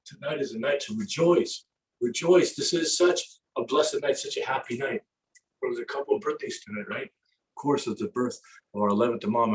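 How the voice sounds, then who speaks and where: A man giving a conversational religious lecture, often asking "right?" and telling stories with lively energy. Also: mid-range voice, fairly quick. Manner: conversational, keeps asking "right?", retells a game excitedly. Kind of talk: animated religious lecture with storytelling. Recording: echoey hall, mic at a distance.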